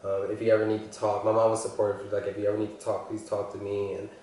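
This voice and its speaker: A man's voice: fairly low pitch, completely flat delivery, darkish tone, slight background noise. Earnest young man, echoey distant sound. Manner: earnest, halting, with many restarts and fillers. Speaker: vlogger telling his coming-out story. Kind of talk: personal storytelling. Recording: echoey room, voice from afar.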